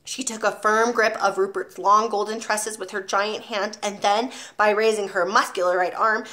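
A woman reading a children's novel aloud. She tells it expressively, leaning into the drama. Her voice sits a little high. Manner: expressive storytelling. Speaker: audiobook reader.

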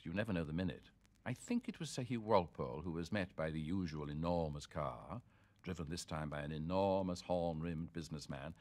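Deep-voiced man in theatrical recitation. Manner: theatrical, sonorous, sweeping swings of loudness. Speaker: reader. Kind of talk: dramatic reading of literary prose.

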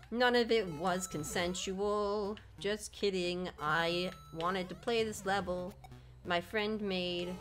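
A woman's voice: on the low side, fairly even intonation, slow pace, soft background music. A woman streaming a video game, ranting with melodramatic, profane frustration at a level she is playing. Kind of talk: gameplay livestream commentary.

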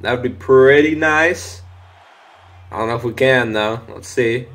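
A young man talks through a football video game as he plays it, in a mid-range voice. He swears freely and jumps into shouts at fumbles and touchdowns. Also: mid-range voice, measured pace, faint music behind. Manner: excitable, swears often, shouts at big plays. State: voice briefly giving out. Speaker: gaming commentator. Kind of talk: live gameplay commentary.

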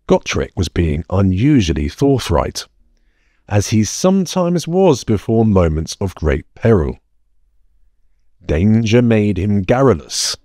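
A man narrating an audiobook with measured, expressive storytelling. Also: lowish voice, no echo, studio quality. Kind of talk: scripted narration.

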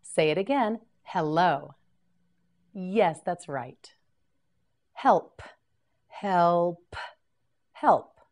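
A woman teaching English vocabulary in a slow scripted lesson, patiently repeating each word for learners to copy. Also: fairly low pitch, lively intonation, darkish tone.

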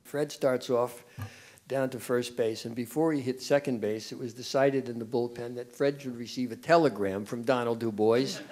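A man's voice: medium pitch, steady tone, normal speed, darkish tone. A former ballplayer recalling a clubhouse prank in an interview, amused and chuckling as he talks. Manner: amused, chuckles through the story. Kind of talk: storytelling interview.

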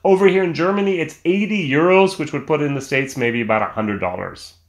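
A man's voice: on the high side, brisk. A man giving a casual, enthusiastic whisky review on camera at home, chatting with frequent restarts and fillers. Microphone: camera mic.

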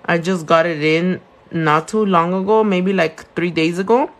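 A woman's voice: on the low side, steady tone, moderate pace. A young woman with a Californian accent, a nail tech chatting casually on a live stream, answering viewer questions and mixing Spanish words into her English. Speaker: nail tech and shop owner. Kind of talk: casual live-stream chat while doing nails.

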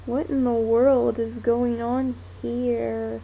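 A sleepy young woman rambles to her webcam, her high voice turning gravelly as it trails off. She drawls slowly through giggly nonsense. The sound is tinny and lo-fi with a faint hiss. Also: flat delivery.

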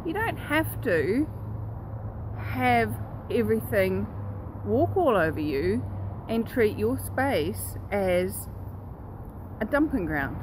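A woman hosting her own self-help vlog, telling a story in a lively, earnest and direct way. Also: a little high, background noise. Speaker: host.

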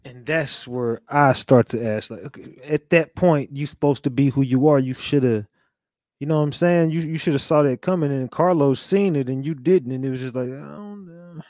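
A man's voice: medium pitch, normal speed, a little mellow, no echo, studio quality. A man hosting a commentary show, rambling in casual slang with lots of fillers. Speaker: host.

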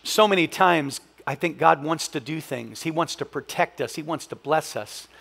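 Man, pastor, high voice, animated sermon, call-and-response, big hall reverb. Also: normal speed, vocal fry. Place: church sanctuary.

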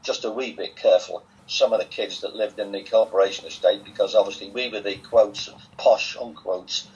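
A man's voice: fairly low pitch, fairly even intonation, fast, a little mellow. An older man from England with a Southwest Lancashire accent, telling stories as an interview guest in a chatty, wry way. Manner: chatty, wry, self-amused. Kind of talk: relaxed storytelling. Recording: dull lo-fi sound.

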